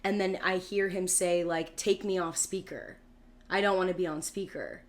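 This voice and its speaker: A woman's voice: fairly low pitch, steady tone, normal speed. A woman in her thirties co-hosting a podcast, telling a long story in casual chat with lots of "like" fillers and acted-out quotes. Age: 30s. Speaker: podcast co-host.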